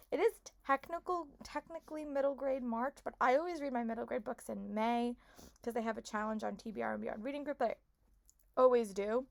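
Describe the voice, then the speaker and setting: Book vlogger, young woman, congested and hoarse, bubbly filler-heavy chat, dry recording. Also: fairly high pitch, no room sound. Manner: gushing, lots of "like" and repeated "really". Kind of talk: casual reading vlog chat.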